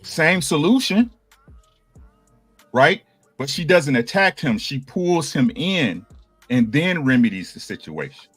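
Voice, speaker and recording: A man's voice: fairly high pitch, sing-song, takes it slowly, pauses often, fairly bright tone, breathy edge, no room sound, soft background music. A man on a podcast panel, explaining a point in a casual debate and checking in with "right?" again and again. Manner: explanatory, keeps asking "right?".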